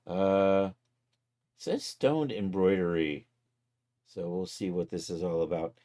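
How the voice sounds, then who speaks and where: A man with a fairly low, warm and relaxed voice talks to his live-stream audience. His chat is casual and easygoing, and he thinks aloud as he goes. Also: slow pace. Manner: easygoing, thinks aloud while clicking around.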